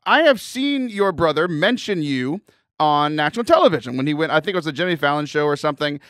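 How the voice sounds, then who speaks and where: A man hosts a podcast, bantering and laughing easily with his guest. His voice sits a little high. The sound is dry and close. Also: sing-song, quick pace, a bit bright, no echo. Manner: joking, laughs often. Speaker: podcast host. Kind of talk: casual chat.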